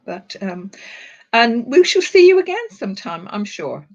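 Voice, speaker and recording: Older lady medium chatting warmly, calls everyone darling, kinda dull lo-fi audio. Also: fairly high pitch, very animated, a little slow. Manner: affectionate, calls people darling and sweetheart. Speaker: psychic medium. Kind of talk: live-stream reading and chat. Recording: dull lo-fi live stream audio.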